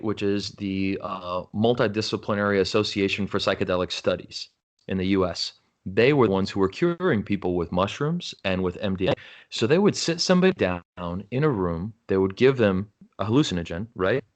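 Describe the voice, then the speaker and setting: Man, low voice, candid podcast guest, earnest and frank, lots of "you know" and restarts. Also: moderate pace. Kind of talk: candid conversational storytelling.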